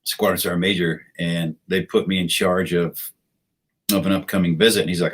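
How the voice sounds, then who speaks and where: A middle-aged American man, a retired soldier and podcast guest, telling war stories in a relaxed, anecdotal way. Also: sits low, a little fast, breathy edge. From United States. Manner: laid-back, anecdotal, acts out quoted voices. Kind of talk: casual storytelling interview.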